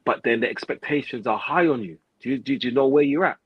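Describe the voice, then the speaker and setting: A man's voice: medium pitch, fast talker, slightly rough, dry recording, muffled recording. A man, hosting a football fan show, ranting heatedly with lots of swearing, repetition and street slang. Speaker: football pundit host.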